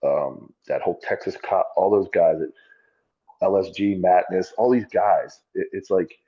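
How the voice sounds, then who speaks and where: A man's voice: sits low, unhurried, breathy edge, dull audio. A former police officer as a podcast guest, telling his story in a blunt, profane, self-critical way. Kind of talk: candid conversational storytelling.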